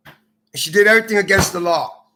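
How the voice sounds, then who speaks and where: Bright-voiced man ranting bitterly. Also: high-pitched, quick pace. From Minnesota. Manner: bitter, accusing, repetitive, profane. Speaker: vlogger. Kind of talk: angry personal rant to camera.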